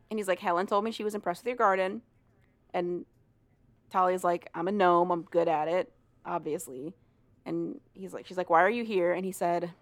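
A woman's voice: mid-range voice, a bit bright, no room sound. Chatty woman recounting a story. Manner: chatty, swears and laughs while retelling. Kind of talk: casual story recap.

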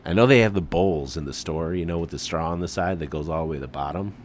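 Deep-voiced midwest guy riffing solo on a podcast, chill and hyped, says man a lot, faint hiss behind. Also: fast. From American Midwest. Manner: laid-back, enthusiastic, says "man" a lot, swearing. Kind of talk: casual solo commentary.

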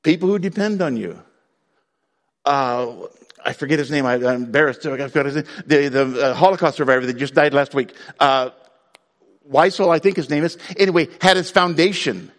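A man preaching a sermon to his congregation in a conversational way, breaking now and then into loud outbursts. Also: mid-range voice, moderate pace, long reverb tail. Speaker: pastor.

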